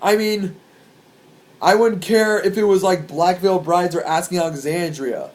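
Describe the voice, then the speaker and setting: Young male vlogger with a slightly high voice. Rambles through crowd stories, swears freely and gets excited. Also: unhurried. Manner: excitable, profane, rambling with restarts. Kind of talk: casual storytelling to camera.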